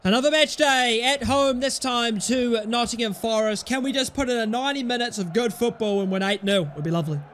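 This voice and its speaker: A young man commentating his own football gameplay, excitable, yelling and swearing at the game. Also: extremely high pitch, brisk, few pauses. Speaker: gaming YouTuber.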